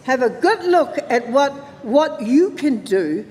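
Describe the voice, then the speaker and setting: A man in his seventies with a New Zealand accent, speaking at a conference as a lively storyteller who mixes in Māori words. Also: extremely high pitch, slow pace. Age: 70s. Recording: long hall reverb.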